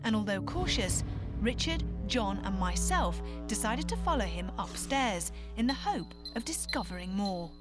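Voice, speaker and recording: Grave woman narrator over loud music. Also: mid-range voice, normal speed. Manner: steady, grave. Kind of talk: scripted documentary narration.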